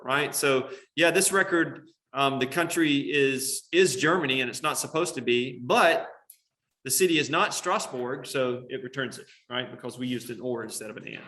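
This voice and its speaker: A man teaches a computer science class, talking through a live coding demo. His voice is bright and sits at an average pitch. He explains step by step, with many fillers and quick checks with the students. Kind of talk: classroom lesson on screen.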